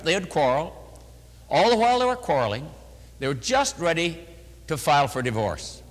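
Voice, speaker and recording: Older man preaching in a big hall. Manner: animated storytelling, voices quotes with rising pitch. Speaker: preacher answering questions. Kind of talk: sermon.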